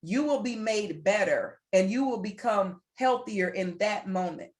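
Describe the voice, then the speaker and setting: A woman's voice: mid-range voice, lively intonation, measured pace. A woman presenting a workplace wellness webinar over a video call, speaking in an earnest, encouraging way and repeating phrases for emphasis. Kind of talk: motivational webinar talk.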